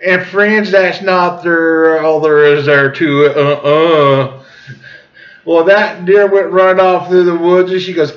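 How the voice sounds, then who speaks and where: Brief: slow, chuckling man in his forties telling tall tales, muffled lo-fi recording. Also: a little high. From southern Missouri. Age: 40s. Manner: chuckling, goes on tangents. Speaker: storyteller. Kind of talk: rambling folksy storytelling. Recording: dull lo-fi recording.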